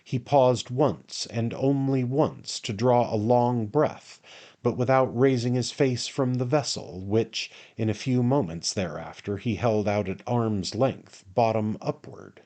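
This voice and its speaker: A man reading a classic novel aloud as an audiobook narrator in a measured, unhurried way. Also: medium pitch, mellow. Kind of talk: scripted narration.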